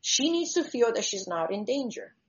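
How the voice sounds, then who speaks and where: A woman's voice: fairly high pitch, big pitch swings, moderate pace. A woman, a shark diver and conservationist, telling stories in an interview and acting out vivid examples as she explains. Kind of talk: conversational interview storytelling. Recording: slightly dull lo-fi recording.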